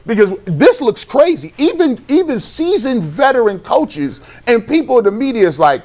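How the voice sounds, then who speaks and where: A man on a sports talk show, venting with heated exasperation and plenty of slang. His voice sits a little higher than most men's. He sounds animated and fired up, pressing his point hard. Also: moderate pace, hardly any pauses.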